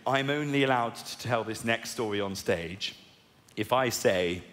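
A man in his twenties with a posh southern English accent, doing a self-mocking stand-up routine with sudden high squeaky outbursts. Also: a little slow, a bit bright. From England. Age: 20s. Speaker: stand-up comedian. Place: large arena on stage. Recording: live arena recording with long reverb and crowd noise.

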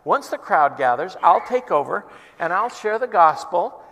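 A man's voice: sits high, very animated, normal speed, vocal fry, a bit bright, full character voice. A man voicing a seasoned, fun-loving street evangelist who coaxes a new believer in an upbeat way, with long hall reverb. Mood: coaxing.

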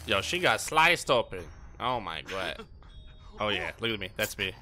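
A man's voice: on the low side, big pitch swings, normal speed, bright, forceful tone, slight background noise. A man giving casual, jokey commentary on a game he is playing, talking to his viewers and now and then putting on silly voices. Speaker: gaming YouTuber.

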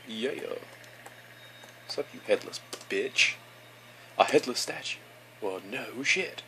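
Against a noisy background, this let's play host from Kentucky speaks slowly with long pauses in a medium-pitched voice and a Kentucky accent. The young man offers sarcastic, profane commentary on his game, alternating muttering with outbursts.

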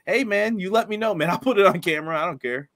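A man's voice: high voice, fast talker, fairly bright tone. A man co-hosting a casual wrestling review chat, laughing often and reading out viewer comments. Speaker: podcast co-host.

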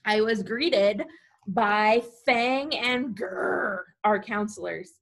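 A woman leading a library storytime, reading a picture book aloud to preschoolers in an animated way and talking to the children directly. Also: mid-range voice, extremely slow, gravelly.

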